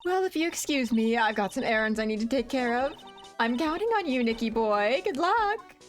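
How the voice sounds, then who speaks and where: A woman's voice: fairly high pitch, animated, moderate pace, faint music behind, pitched above the performer's own voice, close to an everyday voice. A woman voicing a flirty, doting woman who drops in French greetings, in a sing-song manner.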